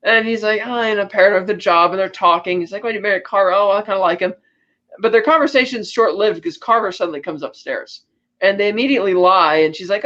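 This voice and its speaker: A woman's voice: mid-range voice, fast talker, a bit bright. A woman on a podcast walks through a spy movie scene by scene in a loose, chatty way, dropping in quoted lines. Her voice sits mid-range for a woman. The sound is a little dull and lo-fi. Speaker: podcast co-host. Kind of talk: casual podcast movie recap.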